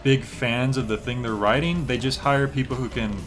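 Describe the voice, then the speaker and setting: A man's voice: medium pitch, steady tone, normal speed, faint music behind. A young man chatting casually while streaming a game, rambling with lots of filler words. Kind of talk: relaxed gameplay stream chat.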